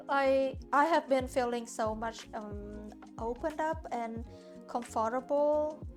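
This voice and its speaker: Vietnamese-native woman streamer from Hanoi, chatty but halting, slow delivery over quiet background music. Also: high voice. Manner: halting, searching for words, frequent restarts. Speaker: art streamer. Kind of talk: casual chat with viewers while painting. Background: soft lo-fi music.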